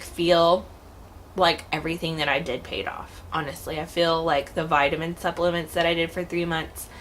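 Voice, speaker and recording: A woman's voice: sits low, fairly bright tone, slight background noise. A woman in her thirties talking casually to her vlog viewers in a chatty, rambling, heartfelt way. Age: 30s. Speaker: vlogger. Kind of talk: casual vlog talk to camera.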